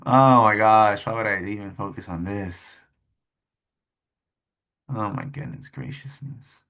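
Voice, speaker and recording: Gravelly low-voiced man rambling over charts. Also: a bit bright. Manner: rambling, cussing, quick asides. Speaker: stock trading streamer. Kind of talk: casual chart commentary.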